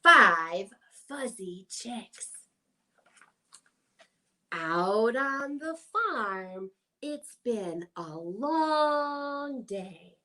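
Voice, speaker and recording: A young woman leading a toddler storytime, reading picture books and rhymes in a playful sing-song voice with soft hushed asides. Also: fairly high pitch, sing-song, drawn-out words. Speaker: children's librarian.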